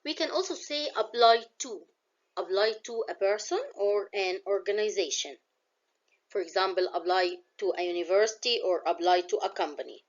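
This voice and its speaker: A woman with an Egyptian accent teaches an English vocabulary lesson in a classroom, explaining words in English and glossing some in Arabic. Her voice is mid-range at normal speed, with the highs cut off.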